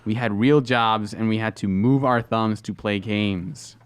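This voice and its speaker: A grumpy old-timer grumbles slowly about how things used to be, as a man puts him on. The voice sits low. It drags each complaint out. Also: a little hiss or hum, close to an everyday voice. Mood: grumbling.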